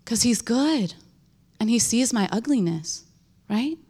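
A woman giving a personal faith testimony, earnest and halting, with lots of "like" and restarts. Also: on the high side, animated, a little mellow, husky.

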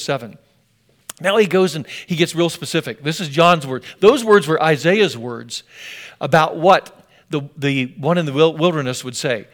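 A man's voice: on the high side, fairly bright tone. An older man preaching a sermon, telling stories with folksy asides and hammering points home with emphatic repetition. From US Northwest. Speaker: pastor.

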